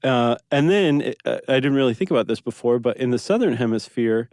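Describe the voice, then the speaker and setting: A man's voice: mid-range voice, expressive, brisk, a little mellow, dry recording, studio quality. A man co-hosting a podcast, explaining facts in curious, conversational casual chat. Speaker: podcast co-host.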